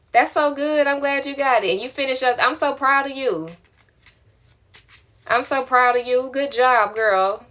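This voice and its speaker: A woman's voice: sits high, pushed and bright. A woman coaching viewers on faith during a live stream, reading out their questions and answering in an affectionate, colloquial, encouraging way. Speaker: spiritual coach.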